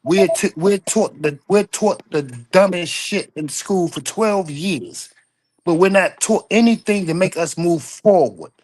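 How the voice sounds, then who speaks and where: A man's voice: high voice, animated, measured pace, a little mellow. A man calling into a casual talk show, speaking passionately and bluntly and swearing freely. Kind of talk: casual call-in chat.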